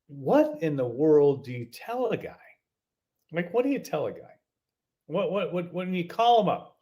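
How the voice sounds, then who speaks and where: Man, podcast host, incredulous, rambling, slightly higher voice, lots of restarts. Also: big pitch swings, mellow. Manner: exasperated, incredulous, repeats himself; halting, many fillers and restarts. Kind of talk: casual opinion rant.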